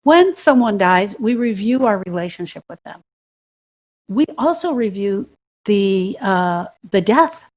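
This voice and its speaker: A woman's voice: mid-range voice, animated, measured pace, darkish tone, muffled recording. A woman co-hosting a podcast, talking about grief in an emphatic way and building her points through repetition and questions. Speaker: podcast co-host. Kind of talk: reflective conversation about grief.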